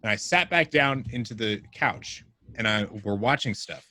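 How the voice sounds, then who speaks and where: A man's voice: mid-range voice, lively intonation, moderate pace, sharp tone. A man guest on a podcast, telling a casual story with many filler words. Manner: rambling, lots of "like" fillers.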